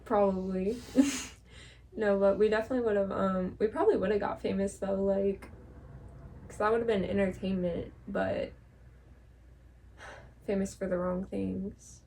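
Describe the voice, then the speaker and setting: A woman's voice: medium pitch, fairly even intonation, unhurried, creaky, pauses often, darkish tone. A young woman co-hosting a podcast, telling stories in casual chat with lots of fillers and laughter. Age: young adult. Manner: laughing storyteller, filler-heavy. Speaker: podcast co-host. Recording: distant mic with faint noise.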